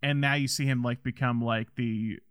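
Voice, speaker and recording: Man with a smooth, dry voice. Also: medium pitch, fairly even intonation, normal speed, a bit bright, dry recording. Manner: rambling, many restarts and fillers, laughs often. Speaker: podcast co-host. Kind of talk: casual movie chat.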